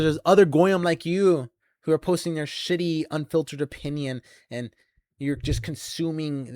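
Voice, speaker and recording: A young man ranting to camera in an aggressive, taunting, heavily profane monologue that swells into shouts. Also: medium pitch, dry recording, clean studio sound. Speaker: channel host.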